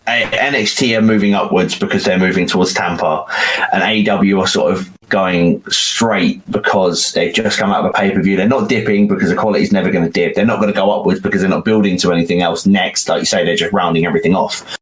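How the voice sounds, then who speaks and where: A British man co-hosting a wrestling podcast in casual chat, animated and rambling with fillers. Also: sits low, fast talker, low-quality recording. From United Kingdom. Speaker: podcast co-host.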